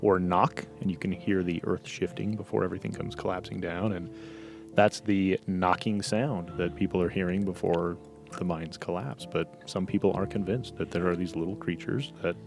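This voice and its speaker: A man co-hosting a podcast, easygoing and quick to laugh in casual conversation. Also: sits low, fairly even intonation, gravelly, music in the background. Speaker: podcast co-host.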